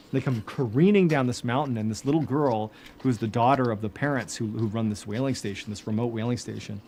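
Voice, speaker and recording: A man telling stories in casual chat as a podcast host, animated, with lots of filler words. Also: mid-range voice, a little hiss or hum.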